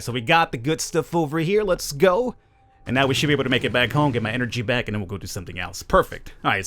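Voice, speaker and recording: Lively, sarcastic male gaming host. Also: fairly high pitch. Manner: playful, sarcastic, talks to viewers with rhetorical questions. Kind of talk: casual let's-play commentary.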